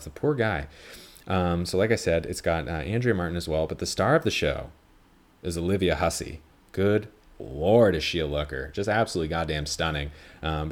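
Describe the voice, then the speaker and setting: Podcast host, male, very low voice, loose rambling movie chat, swears, keeps correcting himself. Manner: rambling, chatty, self-correcting, swears freely. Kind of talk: casual movie review chat.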